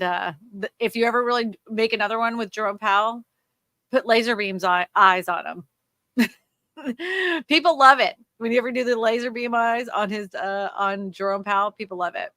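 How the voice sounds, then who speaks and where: A woman talks through feedback in a casual livestream, with a bright, forceful tone. Her delivery is direct and coaching, with quick asides. The sound is dry and close, with little room echo. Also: medium pitch. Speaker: co-host giving thumbnail feedback.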